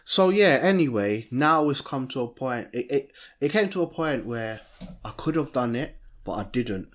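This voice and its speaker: A young man, co-hosting a podcast in a lively, chatty way, often restarting mid-sentence. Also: mid-range voice, moderate pace. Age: young adult. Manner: animated, chatty, self-interrupting. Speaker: podcast co-host. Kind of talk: casual chat.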